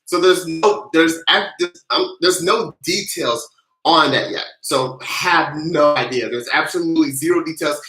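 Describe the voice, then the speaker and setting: Bright, hyped-up live-stream host. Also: medium pitch, a little slow. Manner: hyped-up, cheerleading the chat; casual, loose, with many fillers and restarts. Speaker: tax livestream host. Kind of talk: live-stream Q&A, reading viewer questions. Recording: roomy echo.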